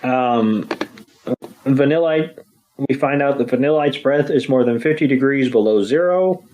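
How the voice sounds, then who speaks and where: A man's voice: medium pitch, measured pace, a little mellow, low-quality recording. A man co-hosting a podcast, recapping a cartoon episode with sarcastic wisecracks. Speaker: podcast co-host. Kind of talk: casual episode recap chat.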